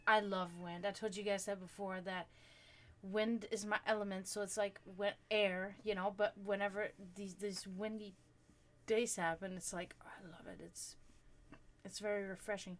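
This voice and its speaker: Casual woman streamer just talking to chat, cusses a lot, gets animated telling stories, middle-pitched voice. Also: normal speed. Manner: chatty, swearing freely, animated storytelling. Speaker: livestream host.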